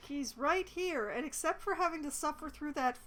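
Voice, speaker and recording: Streamer, female, high voice, dry sarcastic commentary over gameplay. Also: expressive, normal speed, fairly bright tone. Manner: wry, exasperated asides, reads dialogue options aloud.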